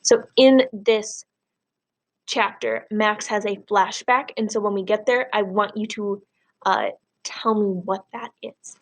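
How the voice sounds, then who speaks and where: A woman's voice: mid-range voice, fairly even intonation, slow. A woman teacher giving a recorded lesson, explaining and reading a novel aloud patiently. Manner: clear, patient, explaining step by step.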